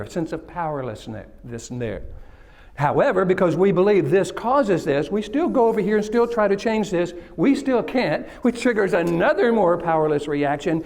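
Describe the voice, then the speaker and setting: A man's voice: sits high, a little mellow. A man from Texas giving an interactive conference keynote, joking with the audience and asking them questions. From Kilgore, Texas. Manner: engages the audience, jokes and asks questions. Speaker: keynote speaker. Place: conference stage.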